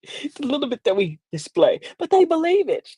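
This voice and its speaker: A woman's voice: high voice, big pitch swings, brisk, mellow, no echo. An older woman hosting a casual comedic chat, sassy and preachy, laughing through her asides. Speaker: host. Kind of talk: casual comedic storytelling to an online audience.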